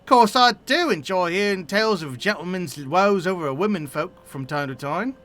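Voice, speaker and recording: A man voicing a gruff, brisk female guild proprietress from a video game, in a messy put-on mix of Boston and Cockney accents. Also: high voice, lively intonation, fairly bright tone, faint music behind.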